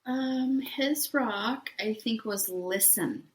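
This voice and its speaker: A woman co-hosting a podcast, relaxed in casual chat about a reality show and often chiming in with agreement. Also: a little high. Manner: slow, relaxed chat with frequent short agreements. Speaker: podcast co-host. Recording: roomy echo.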